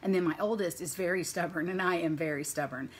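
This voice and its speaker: A woman's voice: fairly low pitch, fast, slightly rough. A woman in her thirties telling parenting stories in a casual vlog monologue, chatty and rambling, linking her thoughts with "and so.". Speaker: mother sharing parenting stories.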